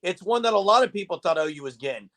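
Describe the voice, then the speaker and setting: A man's voice: high-pitched, animated, quick pace, a bit bright. A man hosting a live sports talk show, chatting casually and reading viewer comments aloud. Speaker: podcast host.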